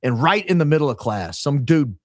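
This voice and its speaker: A man's voice: fairly high pitch, sing-song, fairly quick, no echo, clean studio sound. A man in his forties, a podcaster and former radio host, chatting animatedly as an interview guest, telling stories with frequent restarts. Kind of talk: casual interview talk.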